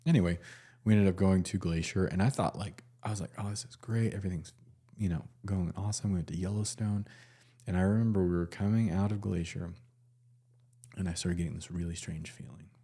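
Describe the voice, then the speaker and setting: A man, a nurse, telling a personal story in a casual, halting way with many fillers and restarts. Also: low voice, steady tone, mellow, slightly rough.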